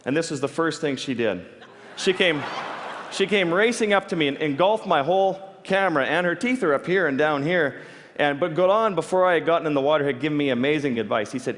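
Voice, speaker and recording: Brief: animated male speaker, fairly high voice, restarts mid-sentence, long hall reverb. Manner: animated, halting restarts, quick to laugh. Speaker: speaker telling stories. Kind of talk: storytelling talk on stage.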